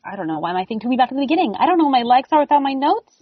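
A woman co-hosting a podcast, casually listing what she liked in an episode with many pauses and "um"s. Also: sits high, big pitch swings, breathy edge, no room sound. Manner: easygoing, many "um"s. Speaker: podcast co-host. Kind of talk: casual TV recap chat. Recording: dry, muffled lo-fi audio.

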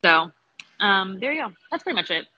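A woman chatting casually about a TV episode, sarcastic and animated, laughing often and acting out quotes. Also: medium pitch, brisk, no room sound, highs cut off. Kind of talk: casual TV episode review chat.

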